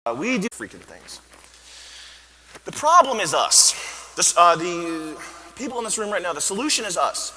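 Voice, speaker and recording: A man giving a parody motivational talk to a university audience, bombastic and erratic, with sudden shouts. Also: high voice, sing-song, moderate pace, long pauses. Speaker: comedic stage speaker. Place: university auditorium. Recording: echoey hall with faint ambience.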